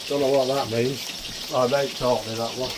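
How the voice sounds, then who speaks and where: This cooking vlogger, a man with a steady, medium-pitched voice at normal speed, chats casually to viewers he calls folks. He's in his home kitchen, where frying and running water are audible.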